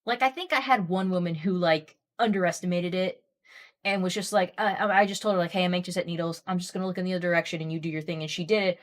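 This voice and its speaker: A woman streamer chatting casually and telling a long story, getting animated and worked up as she rambles. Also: fairly low pitch, fast talker.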